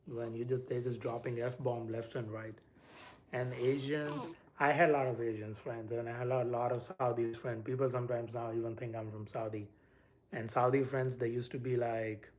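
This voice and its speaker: A man's voice: medium pitch, darkish tone. A man chatting casually and at length with viewers on a live stream from home, as a parent. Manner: rambling, chatty, talks straight to viewers.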